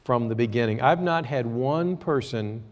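A man preaching a sermon to his church, talking to the congregation in a conversational way that moves between quiet asides and raised exhortation. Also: medium pitch, normal speed, big-room sound. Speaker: pastor.

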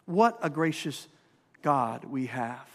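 A pastor with a Minnesotan accent preaches a sermon, putting emphatic questions to the congregation. His mid-range voice is sing-song and slow-paced, and the recording has a long hall reverb.

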